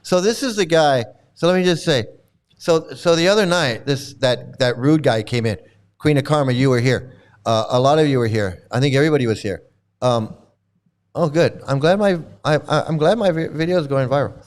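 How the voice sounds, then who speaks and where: A man's voice: a little high, expressive, moderate pace. A man hosting a livestream, ranting indignantly and mockingly with lots of repetition. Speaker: livestream host. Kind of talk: casual livestream commentary.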